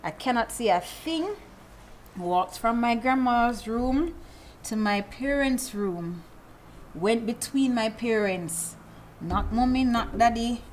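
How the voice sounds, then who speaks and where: A middle-aged woman, telling a personal story in a casual group chat, animated and prone to repeating phrases. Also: fairly high pitch, takes it slowly, a little hiss or hum, low-quality recording.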